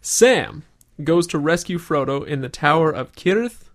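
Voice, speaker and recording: A man's voice: fairly high pitch, lively intonation, measured pace. A man co-hosting a casual podcast chat, upbeat and laughing often as he runs a trivia quiz. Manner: giggly, upbeat, quizzes his co-host. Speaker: podcast co-host.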